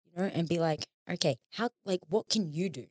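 Candid woman, low voice, dry sound. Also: lively intonation, fairly quick, a little mellow, breathy edge, no room sound. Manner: candid, swears freely, acts out quoted inner voices. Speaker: podcast guest. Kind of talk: casual conversation.

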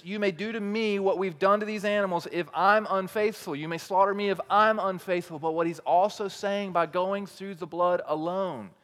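High-voiced preacher in a reverberant hall. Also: male voice. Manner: dramatic swings from quiet, low emphasis to loud, raised declarations; repetitive, rhetorical questioning. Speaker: teaching pastor. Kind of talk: sermon.

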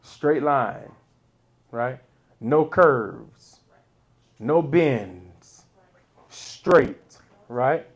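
A man preaching a sermon at an unhurried pace. His pitch swings widely, and he chuckles between points before jumping to loud peaks on the key lines. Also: animated.

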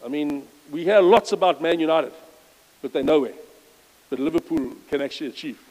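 High-voiced man preaching in a hall. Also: a little fast, darkish tone. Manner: conversational, reads scripture aloud with emphasis, self-correcting asides. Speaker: lay preacher. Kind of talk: informal church sermon. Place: church.

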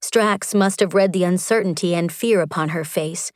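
A woman reading a romance audiobook in a measured, expressive narration. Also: lowish voice, no echo, studio quality.

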